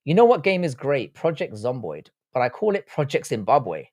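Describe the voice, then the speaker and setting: A man's voice: medium pitch, wildly swooping pitch, moderate pace, darkish tone, no echo, studio quality. A man from Ireland with a British accent, hosting a livestream and chatting casually and bluntly as he reads out viewer comments, swearing freely. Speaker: livestream host.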